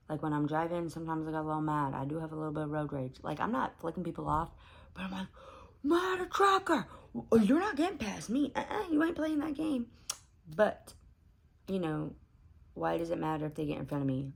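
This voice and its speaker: A woman's voice: low-pitched, creaky, rough recording. A woman chatting casually to camera before bed, rambling and candid with lots of fillers. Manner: rambling, candid, self-talk with many fillers. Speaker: vlogger. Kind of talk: casual bedtime talk to camera.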